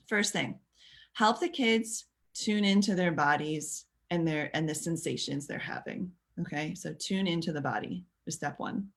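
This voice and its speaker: A woman giving a coaching talk to parents, chatty and expressive, acting out little quoted exchanges with laughs. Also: fairly low pitch.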